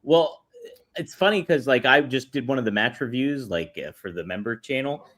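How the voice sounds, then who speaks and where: A man's voice: expressive, normal speed, a bit bright. A man, a podcast co-host, chatting and doing an upbeat, jokey ad read. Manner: upbeat, jokey pitchman in ad reads. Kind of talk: casual chat and ad read.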